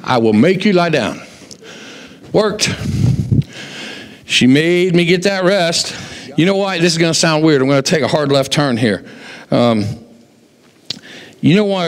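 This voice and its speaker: A male pastor with a mid-range voice preaches a sermon in a church sanctuary, telling stories animatedly and acting out the voices of the characters in them. The recording carries a long hall reverb from the church.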